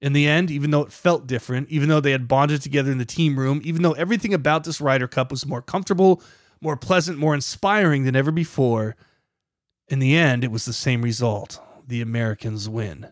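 A man's voice: mid-range voice, fairly quick, dry recording, studio quality. A man hosting a podcast, reading scripted documentary narration with a dramatic, building emphasis. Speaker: podcast host.

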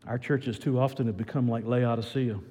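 A man preaching a sermon as pastor, swinging from loud excited build-ups to quiet earnest passages. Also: medium pitch, a little fast, husky, big-room sound.

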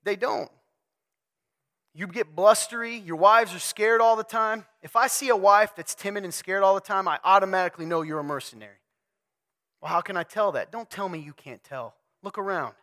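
Bright-voiced man preaching casually. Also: sits high. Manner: animated, jokey, direct address to audience. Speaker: speaker at a men's talk. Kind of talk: conversational sermon.

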